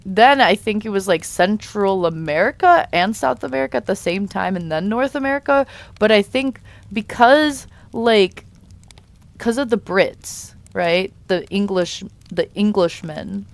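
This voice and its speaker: This young adult woman has a medium-pitched, expressive voice and takes her time. She's reading chat on a live stream, talking casually to viewers in loose, rambling sentences full of fillers and false starts.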